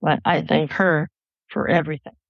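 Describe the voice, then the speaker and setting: A woman's voice: low voice, flat delivery, moderate pace, vocal fry, no room sound, highs cut off. Woman telling a personal story, dry close mic. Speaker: podcast storyteller.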